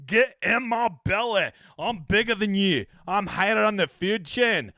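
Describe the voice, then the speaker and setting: A man's voice: sits high, animated, a little slow, sharp tone, dry recording, studio quality, exaggerated voice. A man doing a gloating Scottish Fat Bastard. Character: fat greedy Scottish male film glutton.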